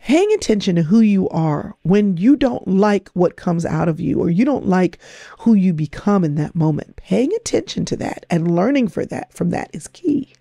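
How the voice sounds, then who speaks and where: A woman's voice: on the low side, expressive, moderate pace, creaky, warm tone, dry recording, studio quality. A middle-aged woman hosting a podcast, coaching her listeners with emphatic, repetitive phrasing. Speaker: podcast host. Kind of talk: motivational talk.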